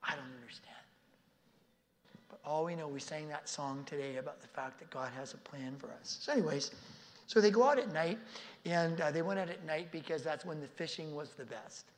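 A man preaching a sermon as a pastor, telling the story vividly and dropping at times to a hushed near-whisper. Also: fairly high pitch, fairly quick. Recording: reverberant hall.

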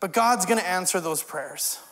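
A man's voice: high-pitched, normal speed, sharp tone. A male pastor preaching a sermon in a conversational way, with wry humorous asides. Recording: long hall reverb.

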